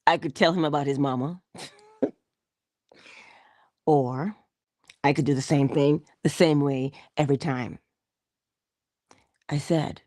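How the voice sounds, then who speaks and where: A woman's voice: low voice, steady tone, takes it slowly, long pauses, mellow, no room sound, studio quality. A middle-aged woman hosting a casual inspirational morning talk, dropping into whispers for emphasis and laughing often as she tells a story. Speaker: host of a morning inspiration show.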